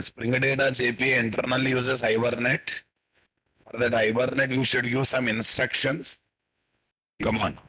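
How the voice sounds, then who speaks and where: A man with an Indian English accent teaching a live coding class, slowly dictating code and repeating questions to his students before answering them himself. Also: medium pitch, pushed and bright, slightly rough, poor audio. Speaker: programming instructor.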